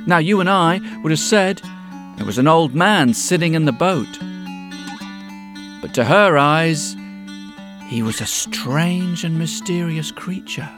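A man's voice: fairly high pitch, lively intonation, takes it slowly, long pauses, music in the background. A man telling a story in a dramatic way, often dropping to a whisper. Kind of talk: spoken storytelling to music.

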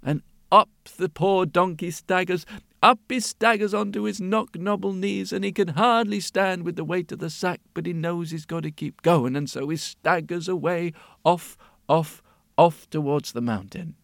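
A man telling a folk tale in a lively, expressive way, often repeating phrases. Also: high voice, normal speed, vocal fry, no room sound. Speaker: storyteller. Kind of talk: oral storytelling. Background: soft guitar.

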